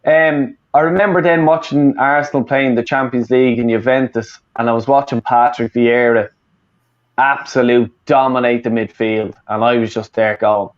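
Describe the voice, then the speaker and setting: A man's voice: mid-range voice, steady tone, moderate pace. A man from Dublin with an Irish accent, ranting casually and swearing a lot as a football fan co-host. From Ireland, Dublin. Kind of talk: casual chat. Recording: muffled lo-fi audio.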